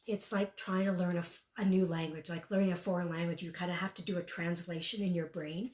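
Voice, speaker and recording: A woman in her forties giving a live parenting talk, telling stories and acting out what parents and kids say in a higher voice. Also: steady tone, a little fast, a little mellow, roomy sound. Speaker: parenting speaker. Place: talk venue room.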